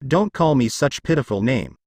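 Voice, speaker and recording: A man's voice: mid-range voice, animated, normal speed, darkish tone, husky, no echo, studio quality. A man voicing an exhausted young nun who answers with curt defiance. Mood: hostile.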